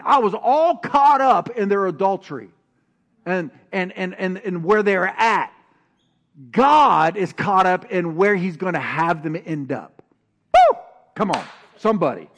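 A man preaching a sermon as pastor, telling a personal story and reading scripture, animated and calling on the congregation to answer back. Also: sits high. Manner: animated, calls for congregation responses.

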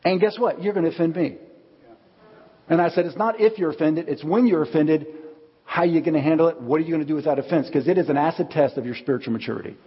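A man preaching a sermon as pastor, telling stories with lively acted-out quotes. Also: on the high side, fast talker, husky. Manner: animated storytelling, acts out quotes. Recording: dull audio with long hall reverb.

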